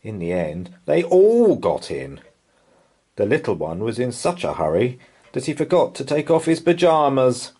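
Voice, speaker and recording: A man reading a children's picture book aloud as a bedtime story, in an expressive, soothing manner. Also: medium pitch, moderate pace, slightly rough.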